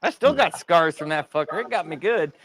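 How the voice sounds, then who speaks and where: A middle-aged man in casual chat, telling an animated work story full of swearing and laughter. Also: fairly high pitch, a little fast, slight background noise.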